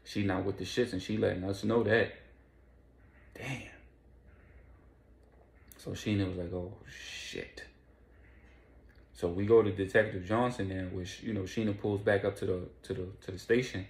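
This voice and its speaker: A man casually recapping a crime storyline in loose street slang, now and then voicing quoted lines in quick bursts. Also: lowish voice, fairly even intonation, gravelly, echoey room.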